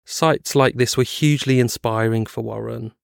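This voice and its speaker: A man co-hosting a true-crime podcast, moving between a steady scripted narration and loose, hedging chat. His voice is smooth and clear. The sound is dry and close, with no room around it. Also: mid-range voice, moderate pace, dry recording. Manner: reads prepared script, then chats with hedging fillers. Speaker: podcast co-host.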